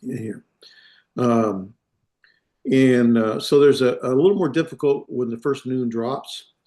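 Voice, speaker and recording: Male instructor, mid pitch, halting delivery full of fillers, classroom lecture. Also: mellow. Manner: halting, many fillers and self-corrections.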